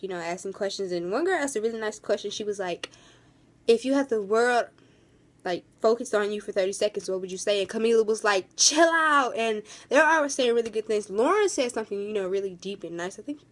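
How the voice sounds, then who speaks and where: A young woman vlogging in a casual, rambling storytime, gushing and full of fillers. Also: mid-range voice.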